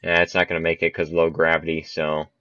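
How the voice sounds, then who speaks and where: Low-voiced young man narrating his golf game. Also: completely flat delivery, brisk, sharp tone, clear, resonant tone. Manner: chatty, self-mocking, laughs at his misses. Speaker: gaming channel host. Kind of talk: casual gameplay commentary. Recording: muffled, dry home recording.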